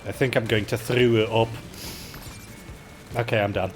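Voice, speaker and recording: A man's voice: on the low side, flat delivery, normal speed, soft background music. Joking man streaming a game. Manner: joking, self-mocking, chats with viewers. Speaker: charity livestream gamer. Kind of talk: casual livestream chat.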